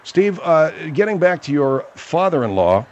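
A man hosting a talk radio show, mocking and wry, with drawn-out asides. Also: fairly high pitch, sing-song, highs cut off, slight background noise.

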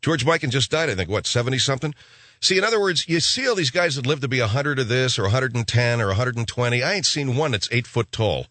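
A male talk radio host rambles through his monologue, gruff and sarcastic, riffing fast and animatedly. His mid-range, bright voice rises and falls a lot. The recording is dry and close, with no room sound.

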